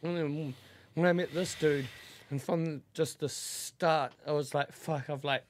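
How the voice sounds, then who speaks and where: A New man chatting as a podcast guest, his voice sitting a little higher than most men's. He rambles with feeling, swears freely and pads his talk with fillers. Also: fairly even intonation, unhurried, a little hiss or hum. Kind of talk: casual podcast chat.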